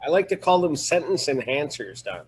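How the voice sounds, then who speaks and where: A man's voice: a little high, big pitch swings, moderate pace, slightly rough, poor audio. A man on a video call, talking frankly and joking, sometimes laughing mid-sentence. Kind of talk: casual video call chat.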